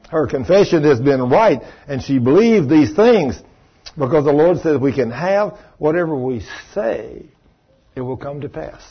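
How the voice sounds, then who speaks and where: A man's voice: on the high side, expressive, measured pace, husky, lo-fi sound. A man preaching a folksy televised sermon, acting out the voices of people he quotes.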